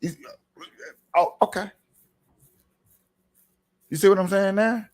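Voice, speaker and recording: A man with a high-sitting voice talks slowly as he delivers casual, spirited commentary on a livestream, repeatedly firing rhetorical questions loaded with slang.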